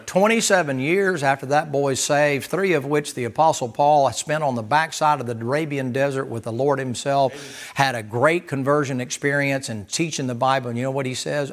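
A man preaching a sermon in a folksy, animated way, acting out little dialogues. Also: mid-range voice, moderate pace, hardly any pauses.

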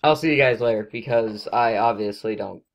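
A woman giving excitable let's play commentary as she plays, scolding herself and yelping at her mistakes. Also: rumbling low, a little fast. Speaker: gaming video creator.

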